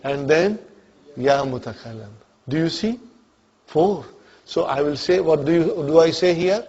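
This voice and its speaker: A man's voice: on the high side, expressive, measured pace, darkish tone, slightly rough, lo-fi sound. A man teaching an Arabic grammar class, often asking whether students follow and calling on them by name. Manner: checks understanding often, calls on students by name.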